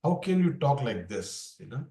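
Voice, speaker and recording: A man's voice: mid-range voice, very animated, moderate pace, dark tone. A man teaching a Bhagavad Gita class in a loose, rambling way, often restarting his sentences. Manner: rambling, restarts, mixes English with Hindi. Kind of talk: explaining scripture in a casual class. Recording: roomy sound, far from the mic.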